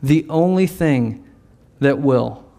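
Gravelly-voiced preacher, conversational and animated. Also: male voice, medium pitch, slow pace. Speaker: pastor. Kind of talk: sermon.

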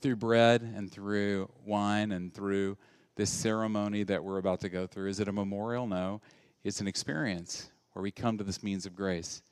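A male pastor preaching a sermon, moving between loud, animated passages and hushed, intimate ones. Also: on the low side, moderate pace, clean tone, dry recording, studio quality.

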